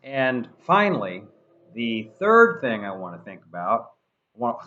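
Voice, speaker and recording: A man leads an English pronunciation lesson, drawing words out slowly and carefully so learners can repeat after him. His voice swoops up and down with lively expression, and he drops in playful asides. The sound is dull and a little lo-fi. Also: medium pitch. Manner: slow, careful modeling of words for repetition. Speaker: English teacher.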